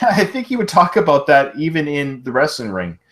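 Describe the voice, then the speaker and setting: Man, podcast co-host, lively swooping voice, slightly high, laughs a lot. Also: fairly quick. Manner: laughs often, quotes movie lines with excitement. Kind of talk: casual film discussion.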